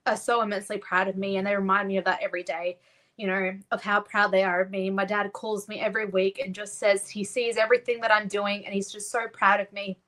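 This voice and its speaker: The recording is rough, and this young woman's mid-range voice sounds a bit bright, with a flat delivery and a fast pace. An Australian pageant winner, she's a guest in a casual interview, going on at length in an earnest, heartfelt, rambling way.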